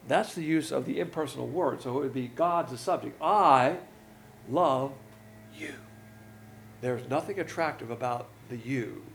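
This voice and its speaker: A man's voice: mid-range voice, vocal fry, slight background noise. A man giving a Bible study lesson, explaining scripture and stressing words with his voice to make his points. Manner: explanatory, shifts emphasis with his voice to illustrate points. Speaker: Bible teacher.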